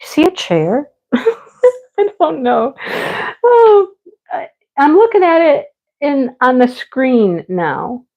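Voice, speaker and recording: Slow-talking woman crafting on a livestream. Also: medium pitch, darkish tone, rough recording. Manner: chatty, laughs often, talks to viewers. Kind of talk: casual chat while diamond painting.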